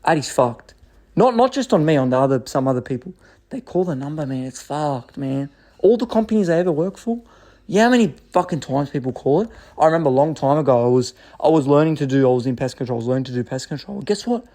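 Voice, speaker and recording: A young Australian man telling road rage stories in a profane, rambling, animated way. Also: a little high, quick pace. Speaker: storyteller. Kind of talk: casual storytelling rant.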